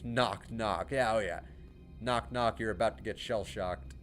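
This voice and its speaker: A man's voice: on the low side, measured pace, a bit bright, faint music behind. Chatty man streaming a game. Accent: American. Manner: chatty, self-deprecating, laughs often. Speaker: gaming livestreamer. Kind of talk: casual gameplay commentary.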